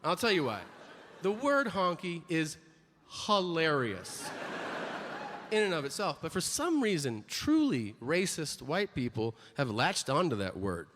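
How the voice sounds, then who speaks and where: A male comic works through a stand-up set, brash, mocking and profane. His voice runs high and moves up and down a lot. It rings with long venue reverb over clear background noise. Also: sing-song, measured pace. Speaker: stand-up comedian.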